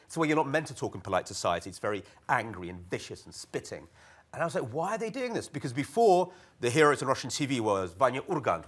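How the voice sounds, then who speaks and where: Male panelist, ex-TV producer, animated conversational delivery with frequent repeats. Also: mid-range voice. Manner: animated, repetitive, quick asides. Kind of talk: panel discussion talk.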